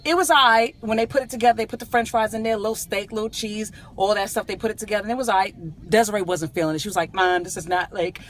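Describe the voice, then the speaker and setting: A woman's voice: medium pitch, rapid-fire, hardly any pauses, a little hiss or hum. A middle-aged woman from San Diego telling a comic, indignant story in a casual vlog, talking from inside her car. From San Diego, California. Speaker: vlogger. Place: in a car, driving.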